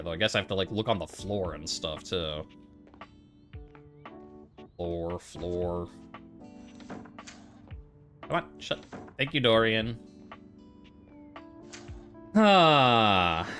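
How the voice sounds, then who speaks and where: Rambling streamer man, lively pitch. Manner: casual, rambling, thinking aloud. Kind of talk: let's-play commentary.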